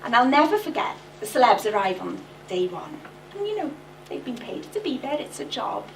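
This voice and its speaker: A middle-aged woman from Wales, giving an animated bilingual talk at a conference and switching between Welsh and English. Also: sits high, normal speed, a little hiss or hum. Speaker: conference speaker. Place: conference hall. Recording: echoey hall, speaker far from mic.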